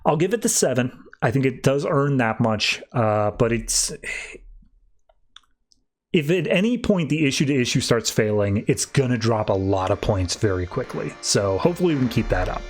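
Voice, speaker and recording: A man hosting a podcast, chatting casually about comics at a middling pitch. He retells the plot with animation, and his voice jumps up whenever he acts out the characters' lines. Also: animated, moderate pace, faint music behind. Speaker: podcast host. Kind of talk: casual comic book review chat.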